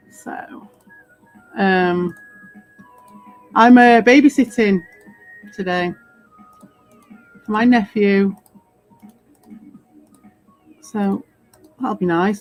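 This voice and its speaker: A woman's voice: medium pitch, slow pace, pauses often. A British woman rants in a loose, rambling monologue, swearing constantly and breaking into laughter. Her tone is defiant and mocking, with faint music playing behind her. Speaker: crypto streamer. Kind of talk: casual ranting monologue.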